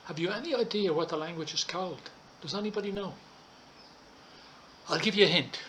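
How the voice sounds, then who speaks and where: A man teaching an English lesson online, talking students through slides in a slow, deliberate way and checking in with frequent "okay"s. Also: sits high, fairly bright tone, slight background noise. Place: Thailand.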